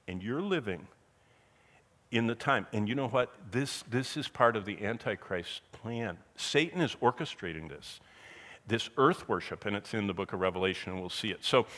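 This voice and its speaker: Male Bible teacher, sermon delivery, emphatic, mid pitch, rises to loud points then drops low. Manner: emphatic, rhetorical questions, swings between loud bursts and quiet asides.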